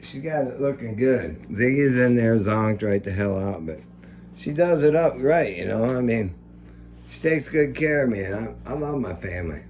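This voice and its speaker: A man's voice: medium pitch, lively intonation, moderate pace, darkish tone. A man in his sixties rambling casually at home for his vlog, swearing freely and chuckling as he tells stories. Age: 60s. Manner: profane, chuckling storyteller. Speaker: vlogger. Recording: echoey room with faint hum.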